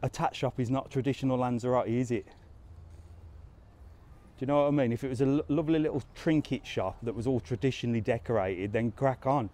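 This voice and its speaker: A travel vlogger streams live while walking a resort town's streets and squares outdoors, chatting and answering comments. His mid-range voice is warm, and he talks a little fast.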